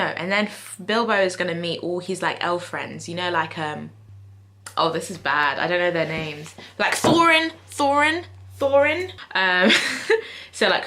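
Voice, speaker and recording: A woman's voice: fairly low pitch, fairly bright tone, slight background noise. A young woman chatting casually to camera in a vlog, rambling and thinking aloud with fillers and self-corrections. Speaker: book vlogger.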